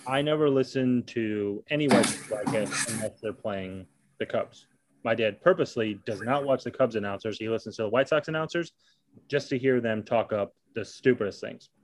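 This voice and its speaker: A man's voice: medium pitch, moderate pace. A man hosting a podcast, chatting casually about baseball and teasingly quizzing his co-host. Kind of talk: casual sports chat.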